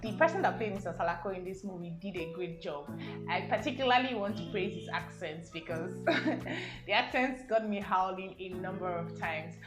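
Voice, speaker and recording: A woman's voice: mid-range voice, lively intonation, moderate pace. A young woman with a Nigerian accent chatting casually as she reviews a film, rambling with "um" and "I mean" asides. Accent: Nigerian English. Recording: roomy sound with music behind.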